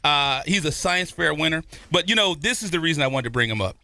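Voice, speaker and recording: Man, Southern Californian accent, sports radio co-host, joking interviewer, very sharp bright tone, slightly high. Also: expressive, fast. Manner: joking, mock-emotional interviewer. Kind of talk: casual sports talk. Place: radio studio.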